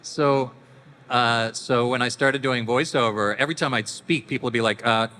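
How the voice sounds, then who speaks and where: Speaking fairly quickly with a sharp, medium-pitched voice, a middle-aged man from Canada entertains a convention audience as a panel guest. He relates stories casually and energetically, complete with laughter and impersonated voices, in a big echoey hall with slight background noise.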